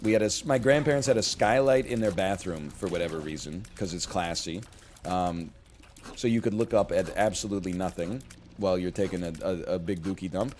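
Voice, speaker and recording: A man in his thirties, a streamer, telling rambling stories in casual chat, with sudden loud, excited bursts for jokes. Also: low voice, brisk, a little hiss or hum.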